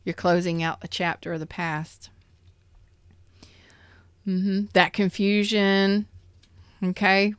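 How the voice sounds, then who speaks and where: A woman's voice: medium pitch, flat delivery, slow, pauses often, smooth, no echo, clean studio sound. A woman giving a tarot reading to her viewers, earnest and emotional, repeating herself as she speaks straight to them. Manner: earnest, repetitive, emotional, addresses viewers directly. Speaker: tarot reader.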